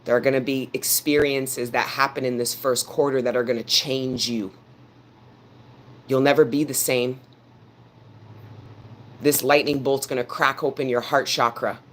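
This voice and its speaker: A man's voice: mid-range voice, steady tone, a little slow, pauses often, fairly bright tone. A man giving a live tarot reading, talking earnestly and preachily straight to his viewers and repeating phrases for emphasis. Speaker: tarot reader.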